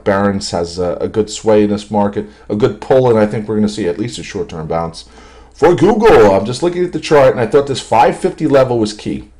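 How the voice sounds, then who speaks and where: A man giving a casual, jokey stock market commentary over charts, self-amused and animated. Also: lowish voice.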